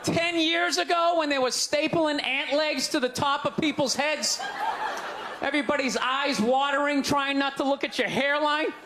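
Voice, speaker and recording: A man doing a stand-up comedy set on stage, ranting loudly and jabbing sarcastically at the audience. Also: very high voice, fairly even intonation, moderate pace, background noise.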